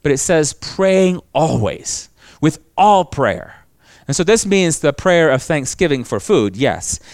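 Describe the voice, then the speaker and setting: A man's voice: a little high, sing-song, slow, a little mellow, dry recording. A man preaching a sermon, reading scripture aloud and urging his listeners to pray with conviction. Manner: earnest, emphatic preaching with dramatic scripture reading.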